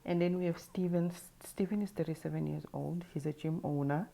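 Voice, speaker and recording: A woman with a low, gravelly voice talks through a show's cast in a casual, chatty way. Her tone is mellow and unhurried, and she drops in quick sassy asides as she goes. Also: steady tone. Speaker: reality show commentator. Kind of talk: casual show recap to camera.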